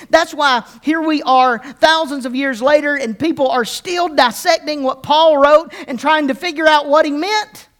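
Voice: high voice, fairly bright tone. A pastor preaching a conversational sermon, often repeating words and restarting, and asking the congregation questions.

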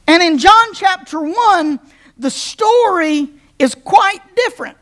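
A high-voiced woman pastor preaches to her congregation. She teaches with a playful, joking touch and mixes stories with her points. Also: animated, takes it slowly, fairly bright tone. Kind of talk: sermon.

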